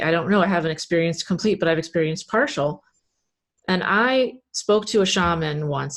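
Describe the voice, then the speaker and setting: A woman hosting an interview podcast, candidly sharing personal experience in an earnest, conversational way. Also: fairly low pitch. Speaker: podcast host.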